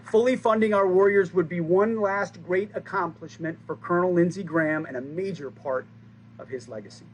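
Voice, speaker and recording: A man in his forties giving a formal, rousing ceremony speech, stressing key lines with pauses for effect. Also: sits high, a little hiss or hum, low-quality recording. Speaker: speaker at a base ceremony.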